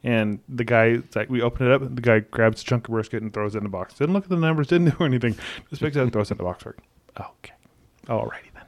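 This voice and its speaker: A man telling a story in casual chat, excitedly quoting his own shouts. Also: mid-range voice, racing. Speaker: barbecue team member.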